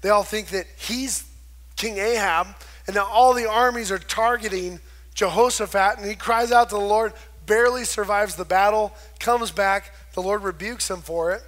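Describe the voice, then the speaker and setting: A man's voice: high voice, moderate pace, fairly bright tone. A man preaching a conversational sermon, retelling scripture and acting out the quoted voices. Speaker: pastor.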